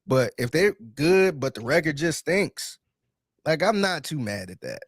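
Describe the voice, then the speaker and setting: A man's voice: fairly high pitch, sing-song, moderate pace, dry recording, studio quality. A man co-hosting a podcast in casual sports chat, laid-back and agreeable, often restarting his sentences. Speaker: podcast co-host.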